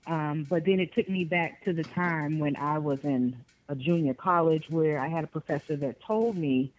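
A woman's voice: deep voice, normal speed, poor audio. A woman from Boston, an author being interviewed, talking casually and animatedly in bursts. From Boston, Massachusetts. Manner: animated, laughs often, talks in bursts. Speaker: author guest.

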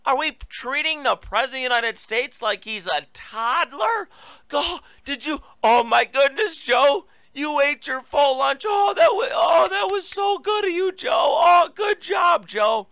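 Man doing a shrill cooing baby-talk voice. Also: lively intonation, measured pace, sharp tone, no room sound, shouting, exaggerated voice. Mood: mocking, gushing. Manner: mocking sing-song, gushing. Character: man cooing at a grown man as if he were a toddler.

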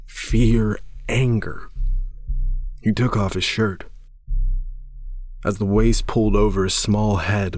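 A man telling a first-person horror story in a measured, somber way, stumbling over a word now and then. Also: lowish voice, slightly rough.

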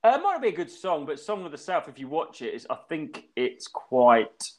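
A man in his thirties from England, co-hosting a podcast in casual chat, rambling through an animated story and swearing freely. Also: a little high, moderate pace. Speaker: podcast co-host.

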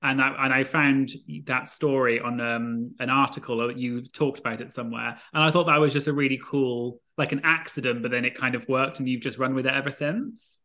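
A man's voice: medium pitch, steady tone, a little fast, hardly any pauses, bright, forceful tone. A man interviewing a guest for his channel, chatty and enthusiastic with his questions. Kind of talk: casual interview chat.

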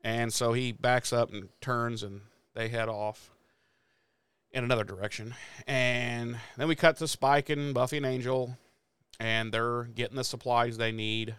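Smooth-voiced Midwestern man recapping an episode. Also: medium pitch, a little slow, dry recording. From American Midwest. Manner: animated retelling with profanity and acted-out quotes. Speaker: podcast co-host. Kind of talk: casual episode recap chat.

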